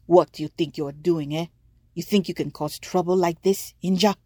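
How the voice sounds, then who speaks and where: A woman's voice: lowish voice, fairly even intonation, normal speed, dark tone, no echo, lightly acted. A woman voicing a contemptuous, bullying male merchant who talks down and threatens. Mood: scornful. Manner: scornful, threatening.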